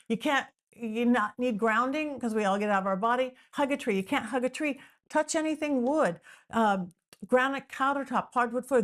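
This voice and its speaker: A woman appears as a podcast guest, her voice on the high side, explaining her ideas through animated, repetitive lists. Now and then she acts out the voices of imagined people in this explanatory interview talk.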